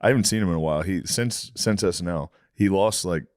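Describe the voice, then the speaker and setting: A man's voice: sits low, fast, a little mellow, no room sound, studio quality. A man co-hosting a podcast in casual, crude, joking chat, acting out what people said. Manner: crude, joking, acts out quoted voices. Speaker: podcast co-host.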